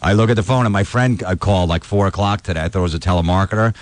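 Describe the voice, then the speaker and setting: A man's voice: low-pitched, very fast, dry recording. A male guest comedian telling rambling, crude anecdotes in casual studio radio chat.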